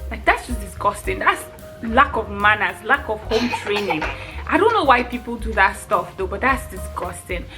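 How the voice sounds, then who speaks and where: A young woman vlogger ranting casually about bad manners, animated and exasperated, breaking into laughter often. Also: a little high.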